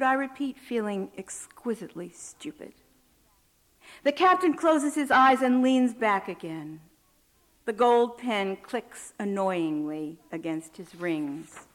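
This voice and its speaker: Slow, measured woman reading her essay. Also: mid-range voice, animated. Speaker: prison writer reading her work. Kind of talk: reading a personal essay aloud.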